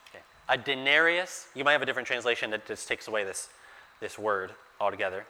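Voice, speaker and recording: A man's voice: mid-range voice, steady tone, fast talker, pushed and bright. A man preaching a sermon through a Bible passage, talking conversationally and asking his listeners rhetorical questions. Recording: echoey hall with long reverb.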